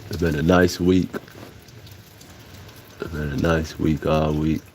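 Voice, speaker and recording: A man's voice: extremely low pitch, level tone, takes it slowly, a little mellow, slight background noise. A man from Chicago with a Chicago accent, talking loosely on a casual livestream and getting heated and emphatic as he goes. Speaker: livestream host.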